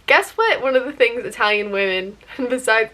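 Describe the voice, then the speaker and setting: Woman beauty vlogger with a higher voice, chatting playfully on camera while doing makeup and drifting onto tangents. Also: expressive, moderate pace, bright, forceful tone. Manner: rhetorical "guess what" questions.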